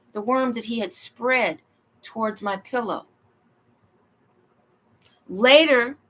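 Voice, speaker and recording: A woman's voice: a little high, fairly bright tone. A woman telling a long personal story in a rambling, emphatic way, acting out what people said to her. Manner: rambling, emphatic, acts out quoted dialogue.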